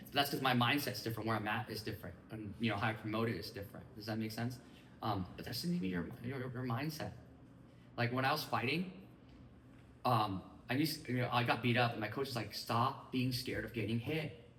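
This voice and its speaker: A man giving an energetic motivational training talk to a live group, often checking that his listeners follow him. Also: medium pitch, brisk, slight background noise. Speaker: business mindset trainer. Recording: echoey room, mic at a distance.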